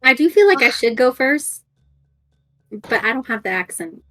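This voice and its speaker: A woman's voice: high voice, sing-song, moderate pace, fairly bright tone, faint music behind. A woman player in a tabletop game, chatting casually, self-conscious and hesitant, laughing often.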